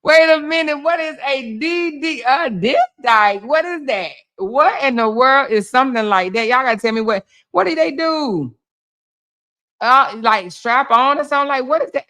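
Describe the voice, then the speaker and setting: Hoarse woman live-chatting with viewers. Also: high voice, measured pace. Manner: loud, laughing, animated, talking to chat as "y'all". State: hoarse with laryngitis. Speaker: livestream host. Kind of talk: casual livestream chat reacting to viewers.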